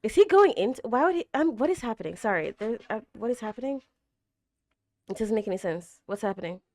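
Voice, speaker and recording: Animated young woman reacting, raspy. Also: a little high, fairly quick, dry recording, clean studio sound. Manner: animated, gasps and exclaims loudly, chatty with fillers. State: raspy, tired throat. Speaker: anime reaction host. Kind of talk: casual reaction commentary.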